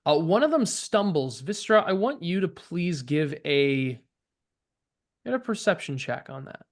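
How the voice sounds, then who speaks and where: A man narrating as game master of a tabletop game, halting and full of fillers. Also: a little high, very animated. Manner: halting, many fillers and restarts.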